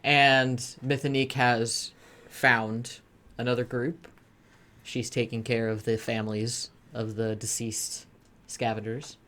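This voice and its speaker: A woman narrating as dungeon master of a tabletop game, relaxed, with frequent ums. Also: very deep voice, takes it slowly.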